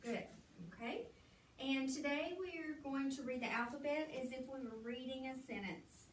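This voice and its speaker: A woman's voice: sits high, normal speed. A woman teacher running a reading lesson in a classroom, patiently prompting students to finish her sentences. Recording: echoey classroom, far from mic, faint noise.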